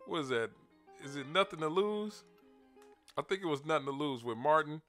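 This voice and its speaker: A man's voice: fairly high pitch, expressive, normal speed, a bit bright. Laid-back man chatting over faint music. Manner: laid-back, laughing, repeats words, addresses viewers directly. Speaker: commentary channel host. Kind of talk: casual video commentary.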